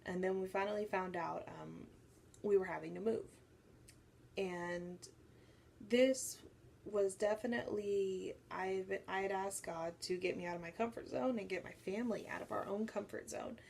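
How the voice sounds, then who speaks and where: A young woman telling a personal faith story to her viewers, animated and acting out what people said. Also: medium pitch, normal speed, vocal fry, a little hiss or hum. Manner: animated storytelling, acts out quoted voices. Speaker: faith vlogger. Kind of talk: personal testimony to camera.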